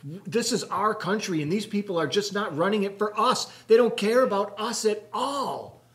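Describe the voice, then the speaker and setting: A man's voice: sits high, moderate pace, fairly bright tone. A man co-hosting a political talk show, exasperated and pleading. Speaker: show co-host. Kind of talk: political commentary chat.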